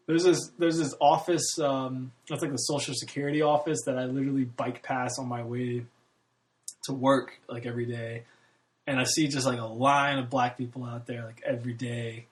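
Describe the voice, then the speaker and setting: A man's voice: mid-range voice, moderate pace. A man in his early thirties, rambling candidly in a casual monologue, swearing freely and laughing often. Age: 30s. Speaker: podcast host.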